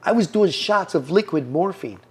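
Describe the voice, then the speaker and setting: A man's voice: high-pitched, lively intonation, normal speed. A man in his fifties, a podcast guest, giving an earnest personal testimony and acting out the lines people said to him. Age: 50s. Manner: earnest storyteller, acts out quoted lines.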